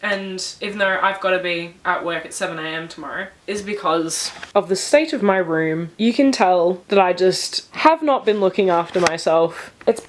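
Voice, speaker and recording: Chatty and emotional, a young Australian vlogger recounts a story to camera indoors in her bedroom, often laughing and sometimes swearing. Her voice sits on the low side, at a normal speed with few pauses. She's far from the mic in an echoey room, camera set back.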